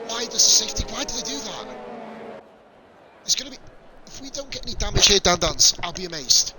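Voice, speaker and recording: A young man giving live commentary on an online racing league, excitable and sweary, laughing at crashes. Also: high voice, low-quality recording. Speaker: esports race commentator.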